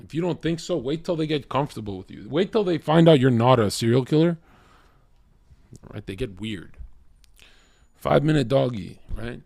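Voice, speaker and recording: Loud brash guy ranting to his stream chat, cussing a lot, dry close sound. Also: mid-range voice, expressive, moderate pace, creaky, long pauses, dry recording. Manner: brash, profane and heated, lecturing. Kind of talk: livestream rant to chat.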